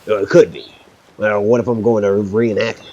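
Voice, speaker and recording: A man's voice: fairly low pitch, flat delivery, moderate pace, darkish tone, lo-fi sound. A man streaming a pirate game, chatting casually with a friend, joking, swearing freely and laughing often. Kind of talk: casual chat while gaming.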